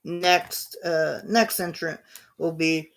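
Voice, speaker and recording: Slow-talking man narrating play-by-play. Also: fairly even intonation, creaky. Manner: bursts into loud "boom" sound effects and acted quotes. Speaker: show host. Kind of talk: casual play-by-play of an imagined wrestling event.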